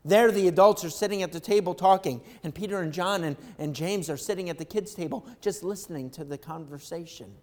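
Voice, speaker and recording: A male pastor preaching an animated sermon, swinging from quiet reflection to loud excitement. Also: high voice, fairly quick, few pauses.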